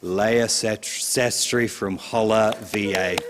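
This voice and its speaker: A man's voice: on the low side, steady tone, slow, faint music behind. Upbeat male awards host, reverberant. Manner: upbeat, playful announcer. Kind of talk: hosting an awards ceremony.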